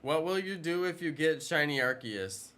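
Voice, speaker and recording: A man's voice: a little high, expressive, normal speed, bright, forceful tone. A man in his thirties chatting casually on a live stream while gaming, joking and answering chat questions.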